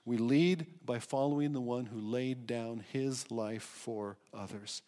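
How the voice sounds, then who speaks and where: A man's voice: medium pitch, measured pace, mellow. A man preaching a sermon as pastor, earnestly leading his congregation in reading and prayer. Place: church sanctuary.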